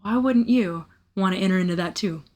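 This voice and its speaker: Animated woman telling a prayer story. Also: mid-range voice, a little fast. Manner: animated storytelling, laughs at herself. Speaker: podcast co-host. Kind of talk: candid faith conversation.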